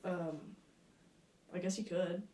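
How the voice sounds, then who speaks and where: A woman's voice: fairly low pitch, takes it slowly, slight background noise. A young woman from France with a French accent, a guest chatting casually and laughing easily. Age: young adult. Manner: laughs easily, playful and animated. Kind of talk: casual chat. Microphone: video call. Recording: echoey room, far from the mic.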